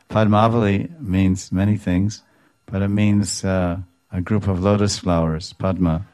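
Low-voiced man telling sacred stories. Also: slow pace, no room sound. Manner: animated storytelling, explains terms, chuckles. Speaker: devotional speaker. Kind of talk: devotional talk retelling scripture stories.

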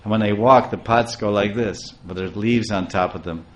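A man preaching a devotional story, halting and repeating words as he goes. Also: lowish voice. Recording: roomy echo.

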